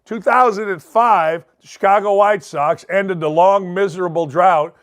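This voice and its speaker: A middle-aged man hosts a sports talk show in a casual monologue. His voice sits high for a man. He rambles, cracks jokes and drifts off topic before coming back. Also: moderate pace. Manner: rambling, joking, digressive.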